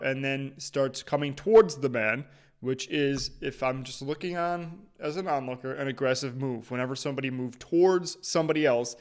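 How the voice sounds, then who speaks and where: A man giving casual, emphatic reaction commentary on a video clip, with restarts now and then. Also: medium pitch.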